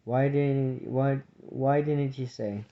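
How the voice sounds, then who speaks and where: A man's voice: mid-range voice, fairly even intonation, takes it slowly, close to an everyday voice. A man voicing a grumpy old male creature who grumbles in rustic speech, on a dull lo-fi recording.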